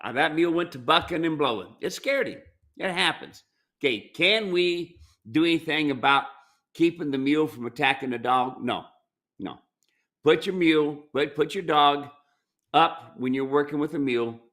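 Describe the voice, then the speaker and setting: A man's voice: on the high side, normal speed, fairly bright tone. A man who trains mules, giving plainspoken, folksy advice and telling ranch stories in a casual question-and-answer show. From United States. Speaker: mule trainer and ranch owner.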